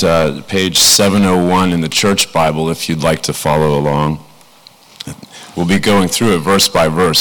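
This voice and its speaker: A man in his forties, a pastor preaching a sermon in a relaxed, self-deprecating way, his voice thick from a cold. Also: deep voice. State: has a cold, congested.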